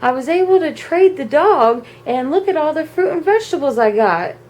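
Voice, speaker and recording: A woman's voice: high voice, animated, moderate pace, a little mellow, voice pushed up. A woman voicing her mother as a proud, matter-of-fact middle-aged mom in a storytime vlog.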